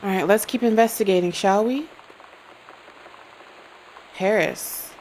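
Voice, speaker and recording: A woman's voice: medium pitch, slow, pauses often, a little mellow, a little hiss or hum, rough recording. Young woman streamer, playful live commentary, faint rain behind. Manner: playful, jokey, talks to chat.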